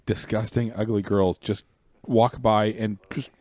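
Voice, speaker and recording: A young man bantering on a podcast with quick quips and eager agreement. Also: lowish voice, little pitch movement, darkish tone, no room sound. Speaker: podcast co-host. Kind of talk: casual comedic banter.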